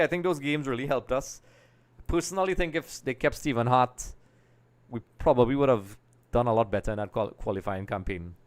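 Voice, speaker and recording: Excitable man streaming a match. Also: mid-range voice. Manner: chatty, keeps addressing viewers as folks, gets excited at chances. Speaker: live stream host. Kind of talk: live football watch-along reaction.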